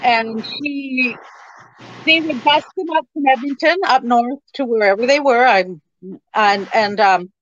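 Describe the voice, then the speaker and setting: Middle-aged woman recounting her own story in an interview, halting speech, slightly high-pitched, muffled lo-fi sound. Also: a bit bright. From Canada. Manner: hesitant, halting with many ums. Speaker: interview guest. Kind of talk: personal storytelling.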